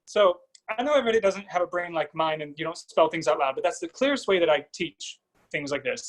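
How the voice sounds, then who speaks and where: A man's voice: fairly high pitch, rough recording. Man coaching singing over video call. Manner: coaching, sings short phrases to demonstrate. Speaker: vocal coach.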